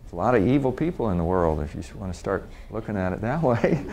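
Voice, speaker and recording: A man who trains people in communication, giving an informal talk on handling difficult people. He is animated, restarts and repeats words often, and acts out short quoted exchanges as he goes. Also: lowish voice, moderate pace, crowd noise.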